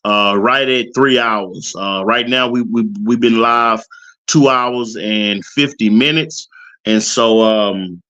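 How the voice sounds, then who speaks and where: A man hosting a live stream, talking casually and haltingly with many fillers. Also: mid-range voice, bright, forceful tone, highs cut off.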